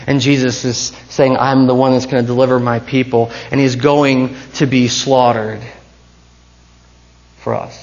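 A man preaching a sermon as pastor, swinging between hushed intensity and rising passion. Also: medium pitch, little pitch movement, a little slow, dull audio.

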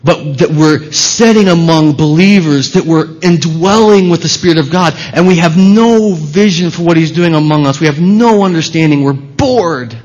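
A man's voice: fairly high pitch, moderate pace, hardly any pauses, a little mellow. A man preaching a sermon at a church service, talking to the congregation in a conversational, emphatic way. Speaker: pastor. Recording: dull lo-fi sermon recording.

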